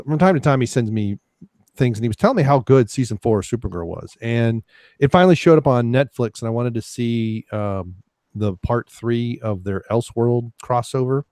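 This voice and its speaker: A man's voice: medium pitch, a little mellow, no room sound. Casting note: male podcast host, casual and rambling, lots of ums and restarts, dry close sound. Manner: rambling, many fillers and restarts, laughs often. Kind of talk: casual chat.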